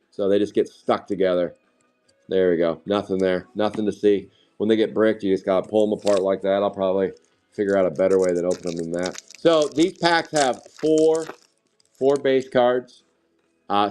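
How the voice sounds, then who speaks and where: A man with a lowish voice and darkish tone chats casually while opening trading card packs on a live stream. He keeps getting sidetracked into rambling side stories.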